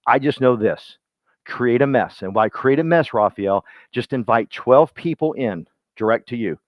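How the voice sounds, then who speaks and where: Man, motivational team talk, folksy, rambling, mid pitch, dull lo-fi dry sound. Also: expressive, moderate pace, no echo. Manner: folksy, rambling, calls on listeners by name. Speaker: team leader speaking to his real estate agents.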